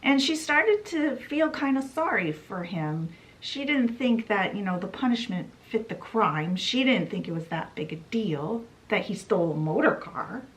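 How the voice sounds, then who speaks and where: A woman's voice: medium pitch, expressive, unhurried, hardly any pauses, low-quality recording. A woman hosting a book channel, summarizing a classic story in a chatty, playful way with dramatic asides.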